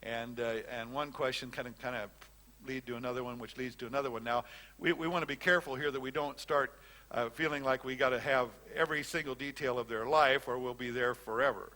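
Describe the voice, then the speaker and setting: A man's voice: mid-range voice, steady tone, a little fast, pushed and bright. An older man giving a conversational classroom lecture as a Bible teacher, often repeating and restarting phrases.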